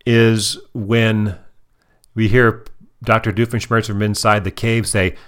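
A man co-hosting a casual podcast with his daughter, animated and quick to slip into silly character voices. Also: lowish voice. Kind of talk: casual chat.

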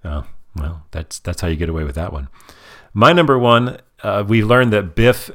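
A man's voice: on the low side, normal speed. A man co-hosting a podcast, chatting casually and explaining jokes in a dry way. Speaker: podcast co-host. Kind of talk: casual chat.

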